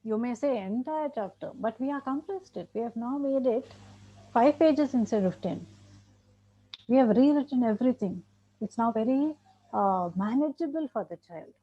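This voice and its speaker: A woman's voice: a little high, expressive, moderate pace. A woman with an Indian English accent giving an emphatic training lecture to teachers and parents, repeating her points. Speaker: special education trainer. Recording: dull muffled lecture recording.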